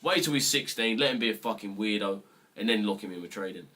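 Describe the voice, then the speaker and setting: A man's voice: lowish voice, quick pace, pushed and bright. A young British man mentoring viewers on a live trading stream, ranting bluntly and swearing freely in casual chat. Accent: British English. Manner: blunt, profane, mock-serious ranting.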